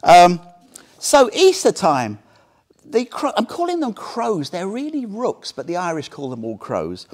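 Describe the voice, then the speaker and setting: Man, seventies, Buddhist teacher, dharma talk, somewhat high voice, very lively pitch, storytelling. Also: measured pace. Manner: animated storyteller, tags sentences with "yeah?".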